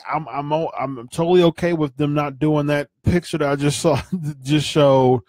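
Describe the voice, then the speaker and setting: A man's voice: fairly high pitch, steady tone, normal speed, a little mellow, dry recording, studio quality. A man hosting a wrestling podcast, giving casual opinion commentary in an opinionated way, often repeating and restarting his phrases.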